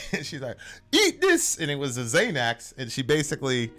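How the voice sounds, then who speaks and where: A young man co-hosting a podcast, chatting casually and bursting into loud impressions. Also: medium pitch, a little fast, soft background music. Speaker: podcast co-host. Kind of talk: casual reaction chat.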